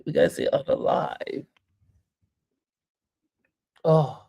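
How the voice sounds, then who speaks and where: A man hosts a casual livestream, his low-leaning voice slow, creaky and edged with breath. He's animated, chatting loosely, reading viewer comments aloud and laughing often.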